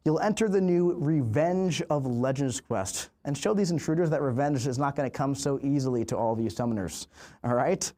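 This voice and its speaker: A man in his thirties hosting an official game livestream with hyped, chatty energy and drawn-out emphasis. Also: medium pitch, dark tone. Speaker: livestream host.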